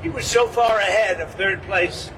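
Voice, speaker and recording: A man's voice: high-pitched, moderate pace. A man making rambling, repetitive off-the-cuff remarks as a politician. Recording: distant mic with vehicle noise.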